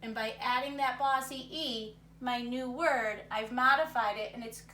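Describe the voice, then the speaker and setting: Her voice is a little high and sharp in tone, with fairly even intonation at a normal speed. In this recorded reading lesson, the teacher walks young students through a word game, offering encouragement and thinking aloud, captured from a distance in a roomy space with faint noise.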